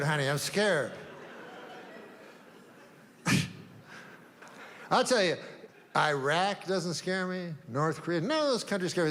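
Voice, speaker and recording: Deadpan stand-up man in a reverberant hall. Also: a little high. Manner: deadpan, rambling delivery with long setups. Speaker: stand-up comedian. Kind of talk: stand-up routine. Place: comedy stage before a live audience. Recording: long hall reverb, faint noise.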